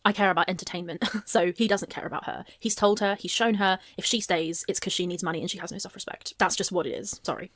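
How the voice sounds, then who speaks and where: A woman's voice: medium pitch, quick pace, hardly any pauses, a bit bright, no echo, studio quality. A woman giving blunt, sarcastic commentary on a clip, swearing freely. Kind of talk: casual commentary.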